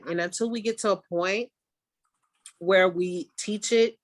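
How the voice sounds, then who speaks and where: A woman artist hosting a casual conversation, talking candidly and emphatically and often breaking into animated quoted outbursts. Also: mid-range voice, unhurried, no room sound. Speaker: artist and podcast host.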